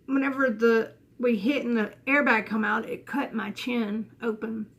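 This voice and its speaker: A woman's voice: a little high, sharp tone. A woman, telling a personal story to camera in a rambling, chatty way full of restarts and asides. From Southern United States. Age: 20s. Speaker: vlogger.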